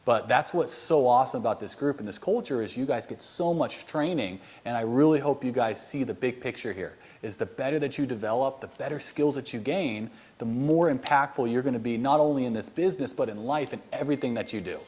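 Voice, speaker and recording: American man, mid-pitched, as a profane, high-energy sales coach rallying trainees indoors. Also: brisk, hardly any pauses. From United States. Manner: blunt, profane and animated storytelling. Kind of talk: motivational sales training talk. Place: inside a house, addressing a group of trainees.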